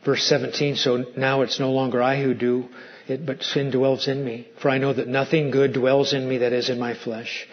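A male pastor preaching a sermon with animated delivery, swinging from loud to hushed. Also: medium pitch, moderate pace. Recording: muffled lo-fi sermon recording.

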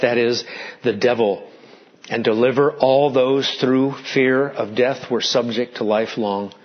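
Husky-voiced man preaching a sermon. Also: mid-range voice, dull audio. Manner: dramatic preaching, voicing the tempter in hushed tones. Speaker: pastor.

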